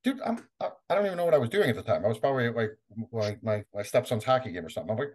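A man's voice: mid-range voice, very animated, rapid-fire, few pauses, a little mellow, breathy edge. A middle-aged man being interviewed, telling a story with energy and often laughing and acting out other people's voices. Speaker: interview guest, comic collector. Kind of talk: animated storytelling.

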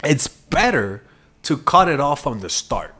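A man talks through dating advice in a casual, profane, storytelling way. His voice is animated and swings widely in pitch as he acts out exchanges. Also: unhurried, breathy edge, faint music behind. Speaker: dating coach.

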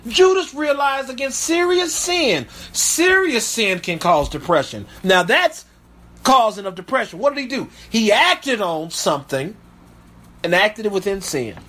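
High-voiced pastor reading scripture. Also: male voice, animated, measured pace, bright, forceful tone. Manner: reads verses aloud, then comments emphatically, with stumbles and repeats.

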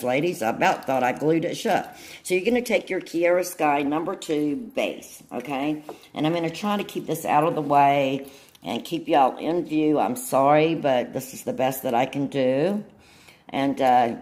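Woman, very deep voice, chatty nail tutorial, keeps checking in. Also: lively intonation, moderate pace, a little mellow. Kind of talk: casual demonstration tutorial.

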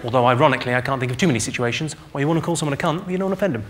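Fast-talking deadpan stand-up man. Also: mid-range voice. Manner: deadpan, quick one-liners, banters with audience. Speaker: stand-up comedian. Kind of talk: stand-up comedy set. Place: theatre stage before a laughing audience. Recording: live show with loud audience noise.

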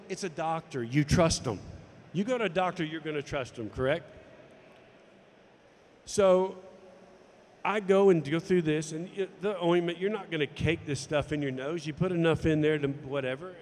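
Guy telling a story, fairly high voice, echoey reverb behind him. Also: moderate pace, slight background noise. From United States. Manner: animated storytelling, acting out dialogue. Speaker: golf instructor and former tour pro. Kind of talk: personal story told to camera.

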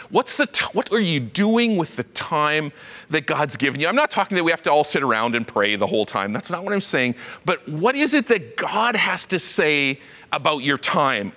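A man preaching a sermon as pastor, animated and conversational, with frequent asides. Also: fairly high pitch, in a large hall. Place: church auditorium.

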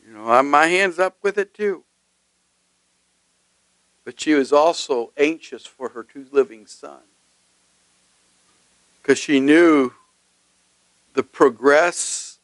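A man's voice: medium pitch, fairly bright tone, no echo, low-quality recording. A male pastor preaching a sermon emphatically, often putting questions to his congregation.

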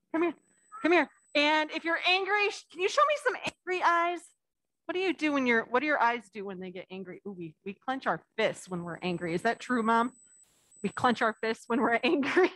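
Woman pastor reading a kids' storybook in church, high bright voice, dry close sound, playful and animated. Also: no echo. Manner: animated, playful, reads slowly with lively emphasis. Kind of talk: children's message with storybook reading. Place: church sanctuary.

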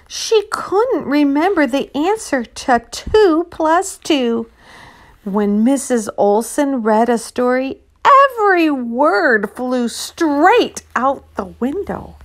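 A woman reading a picture book aloud for children, expressive, asking the listener questions and dropping to a whisper. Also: a little high, slow pace. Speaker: storyteller.

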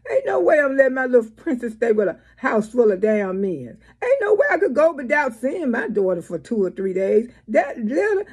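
High, husky woman scolding bluntly. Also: big pitch swings, a little fast, few pauses, darkish tone. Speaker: vlogger. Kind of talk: blunt commentary vlog.

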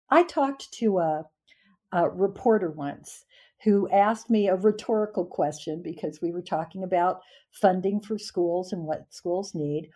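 A woman in her sixties, a union leader and former teacher, telling lively stories in a podcast interview and acting out the voices of the people in them. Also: on the low side. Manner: animated storyteller acting out voices.

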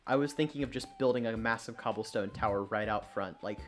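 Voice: mid-range voice, fast. A streamer hosting a casual gaming chat, easygoing and repeating words while thinking.

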